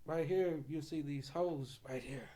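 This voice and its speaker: A man from Oklahoma City, a podcast guest, telling a story in casual, animated speech full of slang and profanity. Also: a little high, normal speed.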